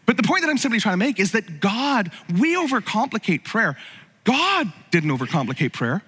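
A man's voice: sits high, sing-song, normal speed, sharp tone, husky, big-room sound. A man preaching a sermon as pastor, conversational and humorous, with frequent asides to the congregation.

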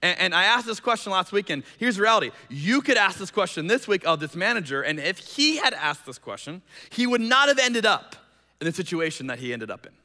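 A man's voice: high voice, very animated, brisk, sharp tone. A man preaching a sermon, telling a personal story and acting out the quoted voices. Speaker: pastor. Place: church hall. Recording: long hall reverb.

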